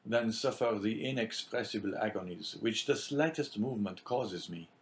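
A man's voice: fairly low pitch, normal speed, natural voice. A man doing a stubborn wounded sailor. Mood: insistent. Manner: insistent, somewhat raised over the narration. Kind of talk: audiobook character reading.

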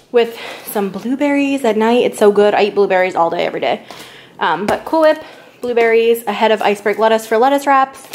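Chatty young woman vlogging, noisy background. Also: a little high. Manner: chatty, filler-heavy, many "like"s. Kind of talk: casual vlog chat to camera. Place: inside a car, then at home.

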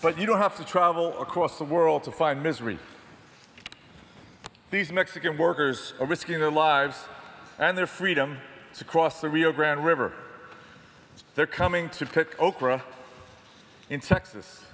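A man speaking on stage as a photojournalist, telling war stories in an animated, self-deprecating way. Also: on the high side, unhurried, pauses often. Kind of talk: storytelling talk on stage. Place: large theatre hall. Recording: distant reverberant hall, faint noise.

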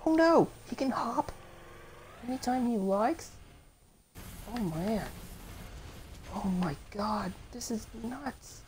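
A young woman giving let's play commentary, excitable and often shouting exclamations. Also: fairly high pitch, takes it slowly, pauses often, a little hiss or hum. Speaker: gameplay commentator.

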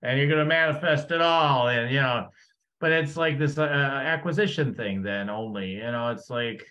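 A man's voice: medium pitch, normal speed, pushed and bright. A man hosting a spiritual podcast, talking in a rambling, casual way with many restarts. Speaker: podcast host. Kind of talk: casual conversation. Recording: dull lo-fi sound.

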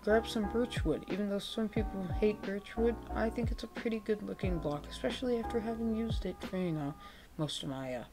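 A woman with a gravelly voice giving chatty, laid-back, self-mocking commentary over her gameplay. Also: medium pitch, a little fast. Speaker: gaming video creator. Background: background music, keyboard typing.

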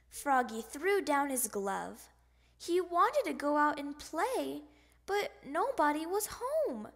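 A woman reading a children's picture book aloud with an expressive, animated delivery and sound effects. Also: high-pitched, takes it slowly. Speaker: storybook reader.

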